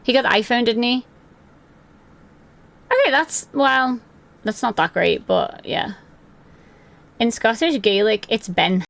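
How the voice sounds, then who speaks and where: A woman's voice: fairly high pitch, slow, gravelly, long pauses, fairly bright tone. A young woman streaming live from her room at home, chatting loosely and answering her chat by name.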